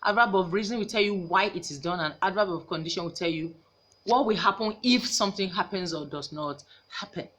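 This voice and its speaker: A woman teacher from Nigeria giving a recorded grammar lesson, slowly repeating each example sentence. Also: fairly low pitch, a bit bright.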